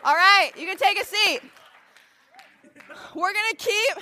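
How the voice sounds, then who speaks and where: A woman from Michigan with an American accent gives an energetic preaching talk to a crowd and often shouts out to the audience. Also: very high voice, unhurried, slight background noise. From Michigan, USA. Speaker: youth event speaker.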